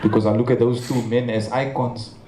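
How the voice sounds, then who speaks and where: A man's voice: mid-range voice, flat delivery, brisk, warm tone. A young South African man with a Cape Town accent gives a memorial tribute speech. He tells his stories earnestly and stumbles over his words now and then. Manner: earnest storytelling with stammers. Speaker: memorial speaker. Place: large memorial venue. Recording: echoey hall with faint ambience.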